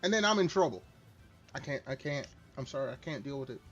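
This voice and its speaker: A man's voice: medium pitch, lively intonation, fast talker, breathy edge. A middle-aged man chatting casually while streaming a game, rambling, candid and self-deprecating. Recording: slightly dull lo-fi stream mic with faint music.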